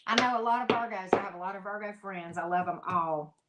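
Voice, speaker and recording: A woman's voice: mid-range voice, fast, very noisy. Emphatic, folksy woman tarot reader. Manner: emphatic, folksy and chatty, with frequent "mm-hmm" asides. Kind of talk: live-stream tarot reading.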